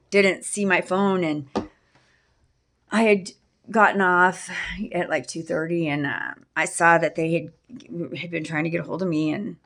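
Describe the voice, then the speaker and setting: A middle-aged woman telling a painful personal story in an interview, halting and full of restarts. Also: fairly low pitch, fairly bright tone. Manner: halting, with many restarts and fillers. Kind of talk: emotional personal testimony.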